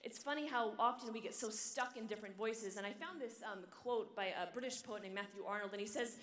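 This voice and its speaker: A woman's voice: medium pitch, fairly quick, few pauses. A woman who is a nun gives a humorous, inspirational talk at a youth conference, chatting with the crowd and often asking "okay?" and "right?". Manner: animated storyteller. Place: large conference hall. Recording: echoey hall, long reverb.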